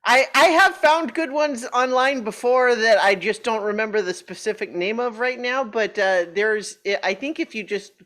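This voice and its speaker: A woman's voice: fairly high pitch, normal speed, hardly any pauses, fairly bright tone. A woman voice actor on a casual video-call panel who speaks hesitantly and searches for her words.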